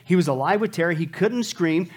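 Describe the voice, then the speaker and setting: A man preaches a sermon in a high, emphatic voice. He keeps asking the congregation rhetorical questions and answers them himself. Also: brisk, slightly rough.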